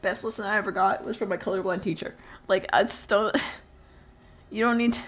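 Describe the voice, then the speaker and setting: A teenage girl with a medium-pitched voice talks a little fast, her intonation fairly even. Drawing on a live stream, she chats casually, rambles through stories, laughs often and swears freely.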